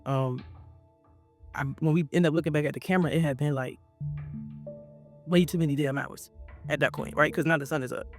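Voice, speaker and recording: Casual male vlogger, animated storyteller, rapid talker. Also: a little high, soft background music. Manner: animated, acts out quotes, talks straight to viewers.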